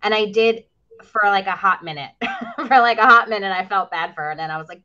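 A chatty woman on a discussion panel who keeps acting out little quoted lines. Her voice is bright and sharp, and the audio is dull and lo-fi. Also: medium pitch, fairly quick.

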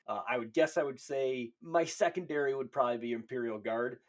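A man's voice: mid-range voice, fairly quick, few pauses. A man co-hosting a podcast in casual chat, enthusiastic, swearing casually and laughing often. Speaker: podcast co-host.

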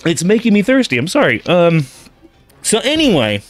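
A man spins a long, meandering joke, stumbling over his words and breaking off to restart. His pitch swings widely as he goes, and faint music sits behind him. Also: huge pitch swings, normal speed, dry recording. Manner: digressive, stammering, self-interrupting. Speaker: comedian telling a shaggy-dog joke. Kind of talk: rambling comic storytelling.

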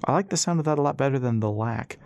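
A man's voice: medium pitch, brisk, a little mellow, no echo, clean studio sound, lightly acted. A man narrating an audiobook voices a young adventurer who talks in wry, sarcastic quips. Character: young man, quick-witted, reckless adventurer.

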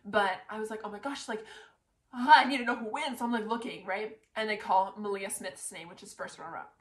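A woman excitedly retelling her pageant win to camera, talking in a breathless rush full of "like" fillers. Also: mid-range voice, brisk. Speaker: pageant titleholder. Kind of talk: casual storytelling to camera. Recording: roomy echo.

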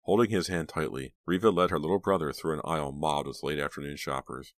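A man narrating an audiobook in a steady, measured storytelling manner on a close mic. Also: rumbling low, dry recording. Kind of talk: scripted narration.

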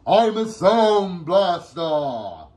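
A man voicing a loud, exuberant little girl in a storybook reading, eager and booming. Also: very animated, very slow, exaggerated voice.

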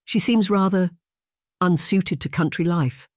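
A narrator voicing a worried, deferential household maid who speaks in a hushed, hesitant way. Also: female voice, lowish voice, a little slow, dry recording, clean studio sound, pitched above the performer's own voice, lightly acted.

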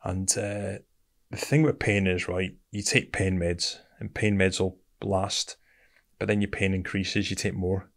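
Gravelly low-voiced British man telling his story. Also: flat delivery, measured pace. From Britain. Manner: blunt, conversational, keeps saying "mate". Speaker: guest, military veteran. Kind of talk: casual storytelling interview.

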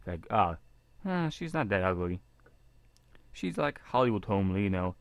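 A man reading a visual novel aloud in a casual, halting way with jokey asides. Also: on the low side, big pitch swings, vocal fry, no echo. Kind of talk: casual game reading with commentary.

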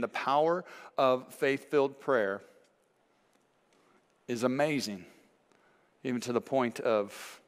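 A man's voice: medium pitch, a bit bright. Man preaching in a reverberant church. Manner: earnest preaching, acts out voices in stories. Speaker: pastor. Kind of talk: sermon. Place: church sanctuary.

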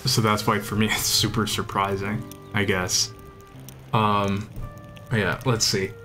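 Chatting while he games on stream, a young man rambles with enthusiasm and frequently starts his sentences over. He speaks slowly in a lowish, sharp-toned voice with flat delivery, and soft music plays in the background.

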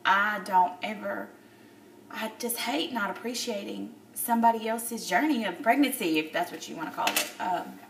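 A woman in her thirties recording a personal video diary. She is upset and near tears, and she talks haltingly with many pauses and fillers. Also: mid-range voice, vocal fry, far from the mic, background noise. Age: 30s. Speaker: vlogger. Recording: roomy echo, a bit off-mic.

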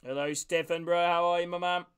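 A man streaming a live watch-along, calling the match play by play and greeting viewers from chat, with bursts of excitement at chances. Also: high voice, a little fast, smooth. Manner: calls passes by name and greets chat viewers.

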